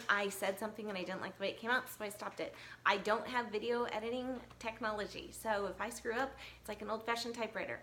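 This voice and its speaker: Chatty earnest woman, slightly high voice. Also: pushed and bright, a little hiss or hum. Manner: earnest, chatty, many fillers and restarts. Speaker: equine massage therapist vlogger. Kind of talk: casual talk to camera. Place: home, California. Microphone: camera mic.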